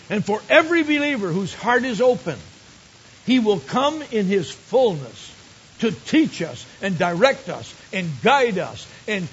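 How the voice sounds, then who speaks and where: An older man with a fairly high voice preaches a storytelling sermon, building his points up to emphatic exclamations. The recording is dull and lo-fi, with a faint hiss underneath. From Michigan.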